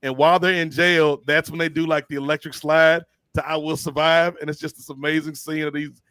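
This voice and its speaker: Man, podcast host, casual chat, slangy, animated, dry sound. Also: fairly high pitch, a little fast, smooth, no echo.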